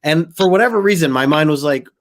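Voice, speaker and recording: A man's voice: on the high side, lively intonation, fast. A man co-hosting a casual comic book discussion, rambling and laughing as he retells his reactions. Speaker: podcast co-host.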